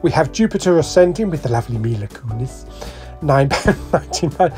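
A man's voice: a little high, fairly quick, soft background music. Chatty British man listing prices. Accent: British English. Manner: chatty, jokey, lively, ticks off titles and prices. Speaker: vlogger. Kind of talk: casual shop walk-through commentary.

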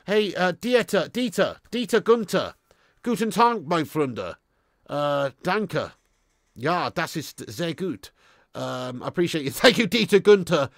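With clean, dry studio sound, a young man with a slightly high voice runs a live football watch-along for his fan channel. He reads viewer comments, sounding irritated and blunt, and swears casually.

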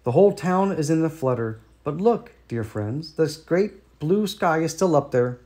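A man with an American accent voicing a grand rooster king who speaks slowly and stately in a storybook read-aloud. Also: fairly high pitch, lively intonation, dark tone.

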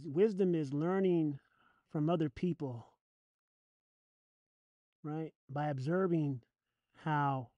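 Dramatic preacher, sing-song, chuckling, slow delivery, dry close recording. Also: medium pitch, warm tone, no room sound. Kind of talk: sermon.

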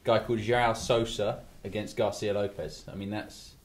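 A podcast host from England keeps up casual, rambling chat, with frequent restarts, asides and "you know"s. He speaks at a moderate pace in a lowish voice with a flat delivery.

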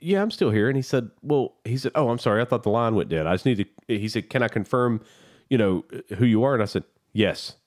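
A man co-hosting a podcast, telling a story in a casual, profane, animated way. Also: medium pitch, a little fast. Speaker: podcast co-host. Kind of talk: casual chat.

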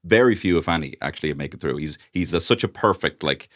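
Deep, lively man. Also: fast talker. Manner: rambling, searching for words with many fillers. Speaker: podcast co-host. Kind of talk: casual comedy chat.

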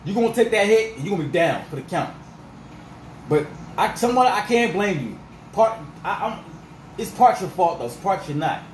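A man ranting as a sports fan vlogger, fired up and repetitive, his voice going rough. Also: high voice, big pitch swings, normal speed, roomy sound, slight background noise, low-quality recording. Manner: fired-up, repetitive, peppered with 'freaking' and 'dog'.

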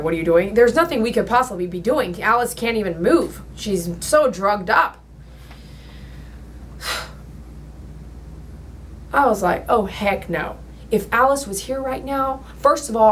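A woman who works as a dog groomer, telling a personal story in her salon while she works, rambling and emotional with sudden loud exclamations. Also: on the high side, slight background noise. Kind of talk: casual storytelling while working.

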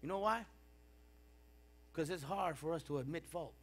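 A middle-aged male pastor preaching a sermon in a church, swinging between quiet reflection and impassioned bursts. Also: fairly high pitch, normal speed. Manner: impassioned preaching with rising and falling intensity.

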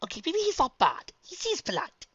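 A woman voicing a nervous, prim female pony in a fan audiobook reading, high-strung and fussy. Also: huge pitch swings, fairly quick, a bit bright, dry recording, muffled recording, full character voice. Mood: fretful.

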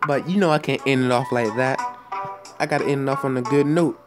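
A young-sounding man talks through his own gameplay, yelping and groaning as the match swings. He sounds a little out of breath and sits at a middling pitch. Loud game music plays steadily behind his voice. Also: fairly quick. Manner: excitable, reacts loudly to the game. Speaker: gaming channel host. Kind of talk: live gameplay commentary.

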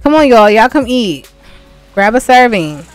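A woman's voice: a little high, very animated, measured pace, dry recording, faint music behind. A young woman giving casual, chatty gameplay commentary, talking straight to her viewers with exasperated asides. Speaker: gameplay vlogger.

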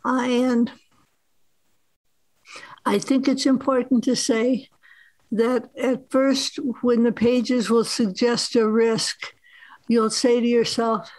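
A woman author teaching a master class at a film festival, speaking in a measured way with frequent "uh" fillers. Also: on the high side, little pitch movement, a little mellow, dry recording, low-quality recording. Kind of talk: workshop talk.

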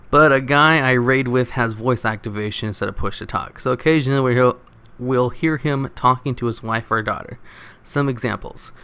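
A man's voice: mid-range voice, creaky, bright, forceful tone, clean tone. A man reading forum stories aloud in a casual way, chuckling and adding his own short comments between them. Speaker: reddit story reader.

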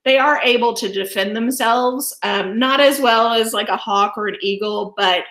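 A woman's voice: on the high side, normal speed, a bit bright, echoey room. A woman wildlife educator giving an enthusiastic online presentation over a video call, often laughing as she explains.

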